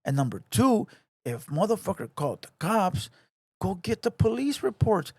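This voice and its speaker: A man delivers a heated, taunting rant to camera from a home garage. His voice sits high, and he hammers the same lines over and over. The sound is dry and close, with little room around it. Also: very animated, normal speed, gravelly, darkish tone, slightly rough, no echo. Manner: taunting, repetitive, confrontational. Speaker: online commentator.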